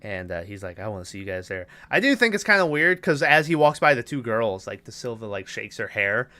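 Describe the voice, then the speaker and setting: A young man hosting a podcast, casually recapping a movie plot with loose, profane storytelling and quick character voices. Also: fairly low pitch, very animated, pushed and bright. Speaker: podcast host recapping a film. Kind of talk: casual chat.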